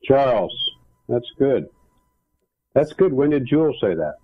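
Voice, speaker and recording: A man's voice: medium pitch, sing-song, measured pace, husky, no room sound. A man who is a guest author and speaker, telling a story in an emphatic way during a casual interview. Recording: tinny phone line.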